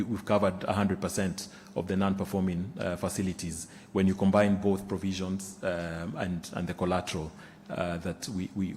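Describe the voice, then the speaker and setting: A man walks through financial results in a somewhat low voice. He pauses often, restarts phrases and fills gaps with "uh" and "um." The sound carries the long reverb of a large conference hall. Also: a little mellow, a little hiss or hum. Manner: halting, many fillers and restarts. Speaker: bank executive presenting results. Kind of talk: results presentation. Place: conference room.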